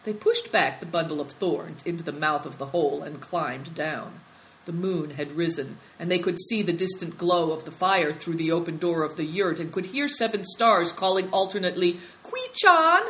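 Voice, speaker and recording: A woman narrating a children's storybook in an expressive reading. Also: on the low side, normal speed, a little hiss or hum, low-quality recording.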